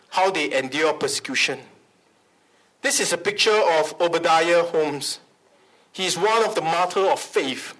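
A male pastor preaches a sermon in an animated way, with big swings in pitch and calls for amens. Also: rough recording.

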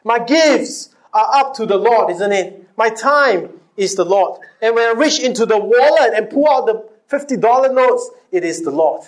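A man with a high, bright-toned voice delivers a sermon. He keeps turning to the congregation with rhetorical questions and call-and-response, and he hammers key phrases by repeating them. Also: expressive, normal speed, few pauses. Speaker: pastor.

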